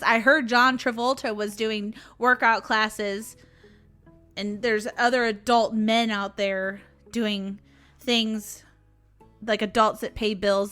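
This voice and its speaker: A woman's voice: fairly high pitch, fairly even intonation, slow pace, fairly bright tone, soft background music. A woman with a Southern US accent hosting a casual vlog, ranting animatedly with sarcastic asides and frequent laughs. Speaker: vlog host.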